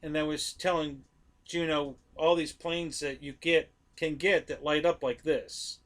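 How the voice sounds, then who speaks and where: A man's voice: fairly high pitch, steady tone, unhurried, a bit bright. A man hosting a live stream, chatting casually about model planes, rambling, correcting himself and talking straight to his viewers.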